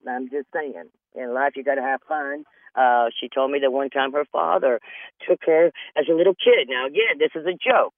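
A woman's voice: very deep voice, moderate pace, no room sound. A woman hosting a radio comedy show, telling funny stories in a chatty way, laughing often and calling people honey. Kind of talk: comedic storytelling monologue. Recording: tinny phone-like dry line.

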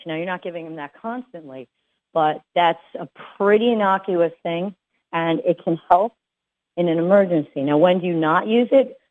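A woman dog trainer giving casual advice, chatty and full of fillers and restarts. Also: on the low side. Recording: tinny phone-like sound.

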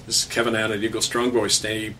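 A man's voice: fairly low pitch, completely flat delivery, brisk, pushed and bright, a little hiss or hum. A man hosting his own show, reading a commentary and story in a sarcastic, polemical way, recorded from a distance off the mic. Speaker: pastor and show host.

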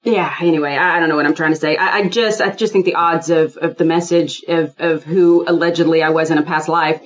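A woman guest in a casual spiritual chat, rambling and animated, often acting out quoted dialogue. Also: low voice, fairly quick, lo-fi sound.

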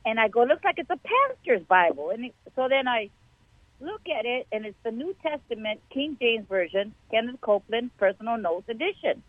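A woman's voice: on the high side, normal speed, dry recording. Chatty woman on a phone line. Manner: chatty, animated storytelling with laughs. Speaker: guest caller sharing a testimony. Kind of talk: casual testimony.

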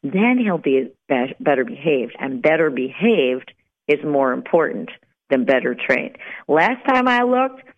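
A woman radio host giving dog-training advice in a lively, conversational, lightly joking way. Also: sits low, unhurried. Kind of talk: radio talk show monologue. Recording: tinny phone-like radio line.

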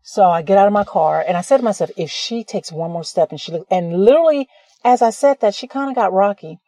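A woman's voice: medium pitch, animated, fast, mellow, no echo. A woman host telling a personal story in a casual, rambling way, often correcting herself mid-sentence. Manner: rambling, conversational, self-correcting. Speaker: podcast host.

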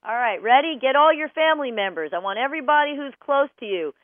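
A woman's voice: high voice, fast, no echo, phone-quality sound. A woman hosting a radio talk show from a broadcast studio, giving dog training advice in an emphatic way and speaking straight to the listeners. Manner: animated, emphatic, addresses listeners directly.

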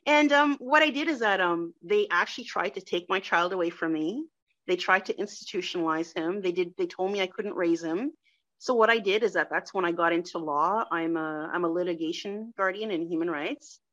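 Bright, animated woman in conversation. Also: fairly low pitch, a little fast. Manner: animated, enthusiastic, laughs easily. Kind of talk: conversational interview. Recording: dull lo-fi sound.

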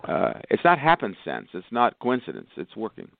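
A man's voice: huge pitch swings, moderate pace, vocal fry, dry recording. Man doctor on a dry phone line. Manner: rambling, lists conditions, bursts of higher pitch. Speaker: guest doctor. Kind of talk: phone-in radio interview. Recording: phone-like narrow band, dry.

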